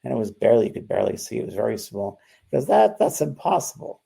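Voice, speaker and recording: Gravelly low-toned man telling a story. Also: steady tone, very fast, mellow. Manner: storytelling with many restarts and fillers. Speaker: spiritual medium, co-host. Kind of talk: casual spiritual conversation.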